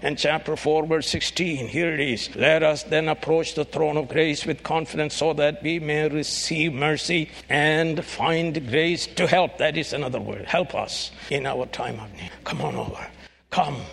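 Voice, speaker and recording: A man preaching a sermon, emphatic and rising to shouts on key phrases. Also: a little high, measured pace, vocal fry.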